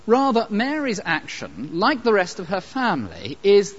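A man preaching a sermon, emphatic and animated, with pauses and light asides. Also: high-pitched, a little hiss or hum. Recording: dull lo-fi recording.

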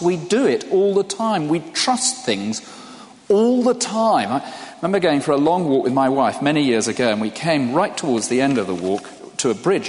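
An older man preaching a sermon in a conversational way, putting questions to his listeners. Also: mid-range voice. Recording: long hall reverb.

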